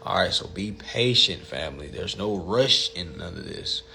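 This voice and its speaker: A man's voice: sits low, animated, moderate pace, creaky, pushed and bright, slight background noise. Blunt, profane man talking to his viewers. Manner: blunt, profane, fired-up, addresses listeners as family. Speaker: host answering viewer questions. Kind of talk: casual livestream talk.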